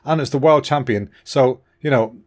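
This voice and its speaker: Chatty, excitable northern man. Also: mid-range voice, normal speed. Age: 30s. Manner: chatty and excitable, with fillers and restarts. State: slightly out of breath and throat-clogged. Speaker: podcast host. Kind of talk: casual solo podcast rambling.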